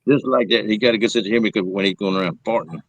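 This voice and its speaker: A man's voice: lowish voice, racing, a bit bright, highs cut off, slight background noise. A man hosting a casual chat, rambling and laughing often as he tells stories. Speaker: show host.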